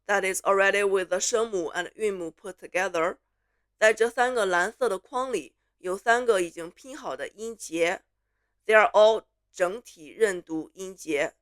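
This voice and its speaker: A woman from Beijing with a Mandarin Chinese accent, teaching a Mandarin lesson in English with slow, clear repeat-after-me drills. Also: mid-range voice, fairly bright tone. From Beijing, China. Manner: slow, clear model pronunciations switching between English and Mandarin.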